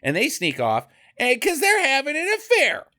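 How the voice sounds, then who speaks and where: A man's voice: very high voice, huge pitch swings, moderate pace, bright, forceful tone. A man co-hosting a comedic movie-review podcast, joking around and slipping into silly voices. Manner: jokey, slips into silly voices and hums tunes. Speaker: podcast co-host.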